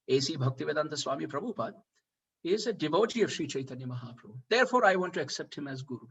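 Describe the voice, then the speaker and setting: At a devotional festival, a man tells a story as a sermon, animated and acting out quoted dialogue with frequent "uh" fillers. His voice is a little high, quick, creaky, and breathy-edged, and the recording is rough.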